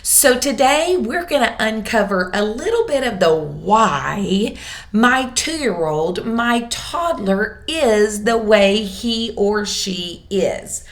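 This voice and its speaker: A middle-aged woman, a church kids minister hosting a parenting podcast in a slow, deliberate, encouraging way. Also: mid-range voice.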